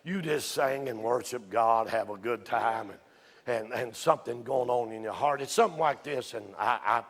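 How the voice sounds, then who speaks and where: A man preaching a sermon in a church, telling folksy stories that rise into excited shouts. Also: medium pitch, normal speed. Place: church sanctuary. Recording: long reverb from a church hall.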